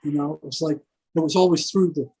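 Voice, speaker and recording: An older man telling a long story in a rambling, animated way, full of fillers and asides. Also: fairly high pitch, quick pace, slightly rough, low-quality recording. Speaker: guest, former prison psychology worker. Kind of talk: casual storytelling interview.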